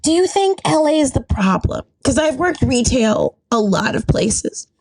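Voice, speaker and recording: A woman's voice: sits high, big pitch swings, measured pace, darkish tone, no room sound, poor audio. A woman telling a comic story on a podcast, acting out voices and laughing often. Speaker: podcast guest comedian. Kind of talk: casual storytelling chat.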